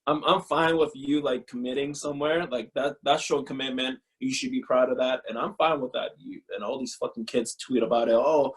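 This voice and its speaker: A man's voice: mid-range voice, steady tone, normal speed, rough recording. Blunt, profane man ranting. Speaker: guest, former pro pitcher. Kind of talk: casual interview chat.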